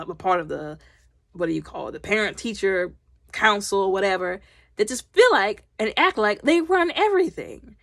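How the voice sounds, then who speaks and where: A woman talks through a movie recap in a loud, slangy, chatty way. Her pitch leaps up and down with every reaction, and the sound is close and dry. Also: vocal fry, no echo. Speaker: movie reviewer.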